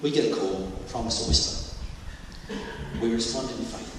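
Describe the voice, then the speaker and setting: Preacher in an echoey hall. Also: male voice, medium pitch, moderate pace, noisy background. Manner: anecdotal, jokey, with bursts of mimicry. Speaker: pastor. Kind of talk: sermon. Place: church hall. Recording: echoey hall, mic from far off.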